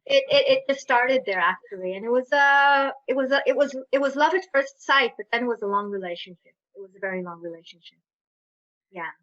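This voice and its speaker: An Israeli woman with an American accent, a storyteller guest telling a personal story in an interview over a video call, in an animated, playful way. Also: a little high, a little fast. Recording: muffled lo-fi audio.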